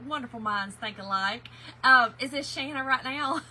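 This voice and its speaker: A woman's voice: high-pitched, moderate pace, sharp tone, a little hiss or hum. A woman hosting a casual craft livestream, chatting and greeting viewers by name.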